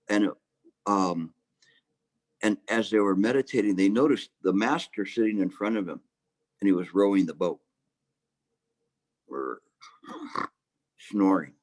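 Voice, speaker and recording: A man giving a Chan meditation dharma talk, halting with restarts and fillers, with gentle humor. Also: low voice, no echo. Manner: hesitant, many restarts and fillers.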